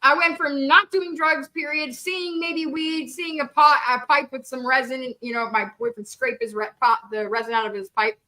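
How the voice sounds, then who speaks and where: A high, bright woman's voice, loose and unguarded, telling stories with plenty of swearing and laughter. Her tone stays sharp and forward as she chats. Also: moderate pace, few pauses. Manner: candid, laughing, swears freely. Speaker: guest storyteller. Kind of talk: casual profane storytelling.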